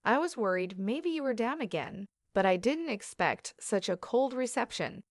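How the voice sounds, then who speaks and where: A woman's voice: on the high side, expressive, moderate pace, dry recording, studio quality. A woman voicing a smug teenage younger sister who mocks with fake concern. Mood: mocking. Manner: sneering, falsely concerned.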